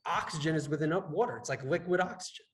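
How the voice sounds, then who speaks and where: Talking fast in a slightly high voice, a male fitness and health coach chats casually on a business podcast. He rambles, frequently restarts, and tags sentences with "right?" The recording is rough.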